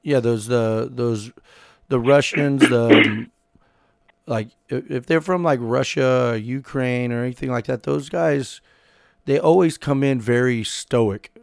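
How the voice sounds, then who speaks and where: A man co-hosting a casual chat, gravelly and halting, often restarting his sentences in a jokey way. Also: mid-range voice, dry recording, studio quality. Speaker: podcast co-host.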